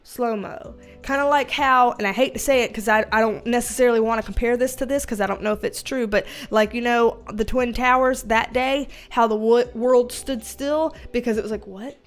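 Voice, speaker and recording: A young adult woman giving a livestream tarot reading at home on a webcam, animated and casual, swearing freely. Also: on the high side, brisk, few pauses, faint music behind. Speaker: tarot reader.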